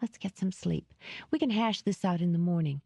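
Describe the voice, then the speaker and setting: A woman's voice: lowish voice, normal speed, gravelly, dark tone, no room sound. A woman voicing a playful, theatrical young woman who teases and fakes tears. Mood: teasing. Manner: teasing, theatrical, tearful act.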